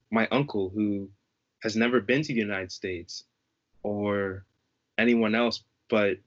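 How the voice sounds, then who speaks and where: A man's voice: on the low side, a bit bright, dull audio. Earnest young man, reflective casual talk. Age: young adult. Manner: earnest, reflective, searching for words. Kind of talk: casual conversation.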